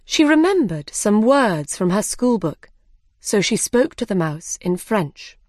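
A woman reading a children's story aloud in a simple, measured way. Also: mid-range voice, very animated, darkish tone, no room sound, studio quality. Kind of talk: scripted narration of a children's story.

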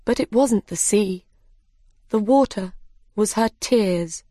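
A woman reading a children's story aloud in a simple, measured way. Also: mid-range voice, dark tone, no room sound, studio quality. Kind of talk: scripted narration of a children's story.

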